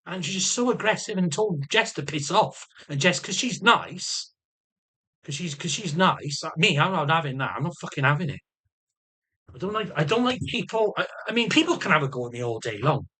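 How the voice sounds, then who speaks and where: A man rants through a personal update in a somewhat high, bright and tense voice. He swears in almost every line, restarts and repeats himself, and his pitch swings widely as he grows defensive and agitated. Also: expressive, fairly quick, husky. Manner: swears constantly, rambling and repetitive. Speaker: vlogger. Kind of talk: ranting personal health update.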